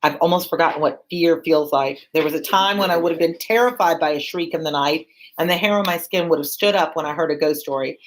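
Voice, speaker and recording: A woman's voice: sits low, quick pace, a little hiss or hum, natural voice, poor audio. A woman reading the part of a weary, doomed king aloud from the text in a classroom read-aloud of a play. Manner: reads the lines aloud from a text. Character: weary doomed Scottish king Macbeth, man.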